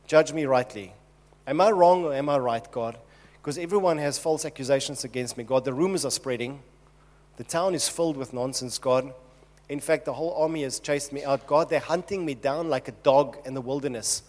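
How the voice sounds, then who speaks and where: A man's voice: medium pitch, a little fast, a little mellow, natural voice. A man preaching who voices King David as a desperate man pleading urgently with God. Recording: long hall reverb.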